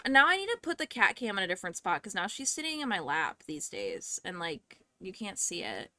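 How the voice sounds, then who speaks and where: A woman's voice: mid-range voice, wildly swooping pitch, a little fast, bright, forceful tone, no room sound. A young woman hosting a livestream at home, chatting and ranting casually with frequent swearing, a little out of breath. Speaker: livestream host. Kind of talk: casual chat to viewers.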